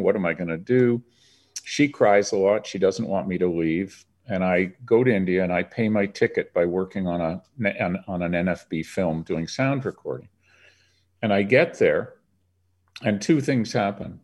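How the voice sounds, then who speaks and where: An older man with a very low voice, speaking as an interview guest. He tells his story earnestly and reflectively, from Canada. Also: darkish tone.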